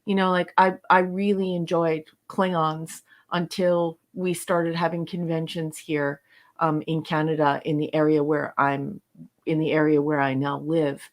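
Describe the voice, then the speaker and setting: A woman co-hosting a podcast, chatting casually through a review, halting with frequent fillers and restarts. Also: deep voice, flat delivery. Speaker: podcast co-host. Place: lives in Canada.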